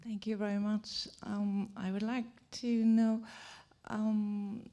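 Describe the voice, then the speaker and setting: Female audience member, mellow and flat-toned, polite and slightly hesitant. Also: mid-range voice, slow pace. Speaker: audience member asking a question. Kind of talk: audience question.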